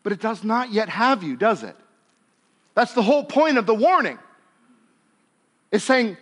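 A male pastor preaching a sermon in a conversational way, dropping to a hush and then rising to emphatic lines, and acting out biblical characters in casual speech. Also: high voice, lively intonation, measured pace, pauses often. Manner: conversational, swings between hushed and emphatic.

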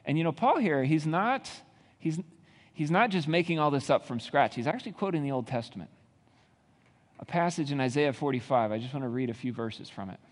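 A man's voice: on the high side, a little fast. Preaching man in a reverberant hall. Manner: builds to rising intensity, rhetorical questions. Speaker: pastor. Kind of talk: sermon.

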